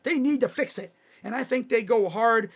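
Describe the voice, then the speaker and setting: A sports channel host chatting casually on a live stream, making predictions in a jokey, rambling way with sudden shouted bits. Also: medium pitch, normal speed, gravelly, dull audio. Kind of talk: casual live-stream commentary on baseball free agents.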